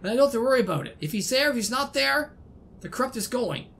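A woman host giving excited let's-play commentary, laughing often and talking to the game characters. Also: fairly high pitch, fast, creaky, slight background noise. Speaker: gaming channel host.

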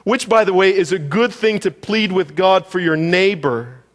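Recorded with the reverb of a church hall, a man preaches in the sanctuary, weaving questions to the congregation into his talk. His voice is high and his pace ordinary.

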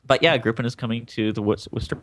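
A man on a podcast panel in casual chat, laid-back and halting, often restarting his words. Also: medium pitch, steady tone, no room sound.

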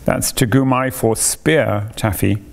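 A man's voice: mid-range voice, steady tone, slow, vocal fry. A man voicing a cheerful, playful cave-dwelling father in a storybook reading, teasing and patient.

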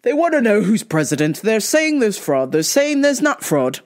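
A woman's voice: medium pitch, big pitch swings, normal speed, a little mellow. A woman hosting a podcast, ranting bluntly and casually, swearing constantly. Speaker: podcast host. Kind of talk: casual profane rant.

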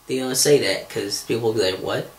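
A podcast host rambles through a comedic monologue, profane and exasperated, full of swearing, fillers and restarts. His medium-pitched voice moves fairly quickly, and the recording has a roomy echo plus a little hiss or hum.

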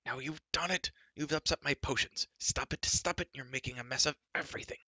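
A man's voice: medium pitch, steady tone, brisk, creaky, pushed and bright, no room sound. A man voicing a whiny, self-pitying male giant who wails and pleads in a storybook reading. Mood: whining. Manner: wailing, pleading.

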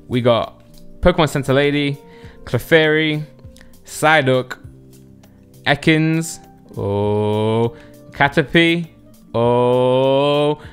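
A man's voice: on the high side, fairly bright tone, smooth. A man chatting casually to viewers as he opens card packs, joking and reading out card names. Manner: chatty and jokey, reads card names quickly. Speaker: card collector opening packs. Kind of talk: casual unboxing commentary.

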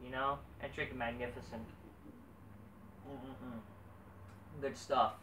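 Exasperated, foul-mouthed man as a wrestling reviewer, bright voice, roomy off-mic sound. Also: medium pitch, little pitch movement, fairly quick, distant mic. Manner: profane, exasperated, swears constantly. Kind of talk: casual ranting review. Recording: echoey room, off-mic, faint background noise.

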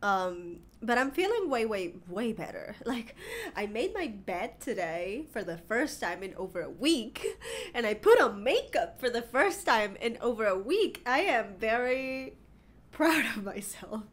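A woman's voice: a little high, measured pace. A woman with a congested, nasal voice from being sick, hosting a reaction video in rambling casual chat full of fillers and swearing. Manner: chatty, rambling with fillers and swearing, gushing excitedly while reacting. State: congested and recovering from illness, coughing.

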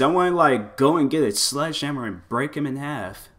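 A man giving loose, excitable commentary over his fighting-game play, full of exclamations and filler words. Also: medium pitch, brisk. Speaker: gameplay commentator. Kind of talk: casual gameplay commentary.

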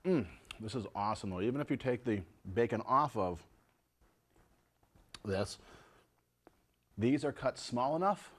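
A man's voice: medium pitch, lively intonation, measured pace, pauses often, fairly bright tone. A man hosting a casual home cooking show, chatting to viewers as he tastes and cooks. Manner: chatty, tasting food and talking to viewers as folks.

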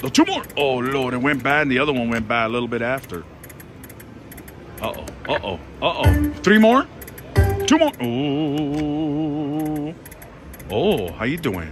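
A man giving excited live commentary as he plays slots in a casino, pleading with the machine and making dramatic exclamations. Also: mid-range voice, unhurried, pauses often. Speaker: slot machine vlogger. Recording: loud casino slot machine music behind. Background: slot machine music.

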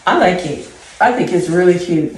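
A woman's voice: on the low side, expressive, normal speed. A woman, chatting casually and rambling a little as she tries on jackets for a video haul, giggling at her own asides. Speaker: vlogger. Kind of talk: casual try-on haul chat. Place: home room at dusk. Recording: echoey room with faint ambient noise.

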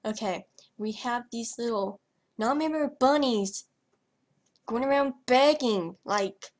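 A woman's voice: fairly high pitch, lively intonation, slow pace. A young woman vlogger talking over her gameplay in a hyper, rambling way, trailing off and stuttering as she goes. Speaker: gaming vlogger. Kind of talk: casual commentary over gameplay.

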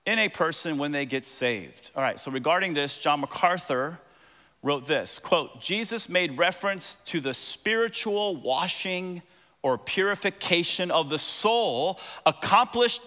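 A male pastor delivers an emphatic sermon in a church sanctuary, frequently directing questions at the congregation. Speaking at a measured pace, his voice runs high, sharp, and expressive, and the long reverb of the church hall fills the recording.

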